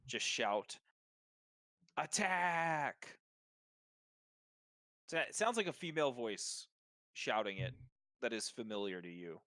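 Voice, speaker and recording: A man's voice: mid-range voice, bright, forceful tone, no room sound. A man narrating as game master of a tabletop game, describing scenes with fillers and restarts.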